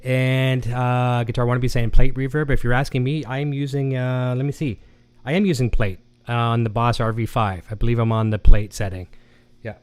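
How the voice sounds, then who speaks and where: A man's voice: mid-range voice, level tone, normal speed, clear, resonant tone. A man hosting a guitar gear show, chatting casually, telling corny jokes and reading viewer comments aloud on a live stream.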